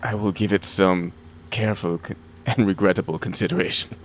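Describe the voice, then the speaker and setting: A man's voice: sits low, fairly even intonation, brisk, slight background noise, close to an everyday voice. A man playing a fancy, haughty circus lion tamer with a formal, mournful way of speaking. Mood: pompous.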